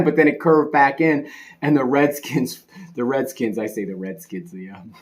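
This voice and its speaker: A man in a casual, rambling rant about a bad game, sarcastic and laughing, swinging between loud outbursts and muttering. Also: mid-range voice, lively intonation, normal speed. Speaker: sports commentary vlogger.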